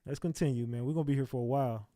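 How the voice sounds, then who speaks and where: A man's voice: mid-range voice, very fast, warm tone, no echo. A man hosting a casual live stream who talks straight to his chat and laughs often.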